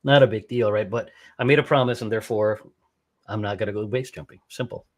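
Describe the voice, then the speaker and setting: A man's voice: lowish voice, steady tone, fast. A man being interviewed as a guest, talking in a casual, enthusiastic and rambling way, often breaking off and asking "right?". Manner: enthusiastic, rambling, with many restarts and "right?" tags. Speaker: podcast guest, skydiver and ham radio operator.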